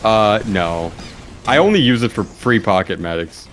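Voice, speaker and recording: A man's voice: on the low side, lively intonation, normal speed, fairly bright tone, faint music behind. A man who makes gaming videos, guesting on a stream and bantering with loose, crude anecdotes full of fillers.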